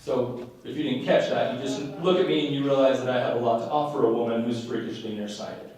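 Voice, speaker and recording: A man's voice: mid-range voice, fairly even intonation, quick pace, crowd noise. A young man performing live stand-up comedy, telling wry self-mocking stories and acting out the dialogue. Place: live venue before an audience. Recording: very echoey room, voice from far off.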